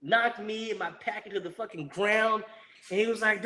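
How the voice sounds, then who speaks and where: A man in his forties, a former Marine guest, telling a war story in casual, profane, animated fashion with frequent laughter. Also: high voice, normal speed, slight background noise.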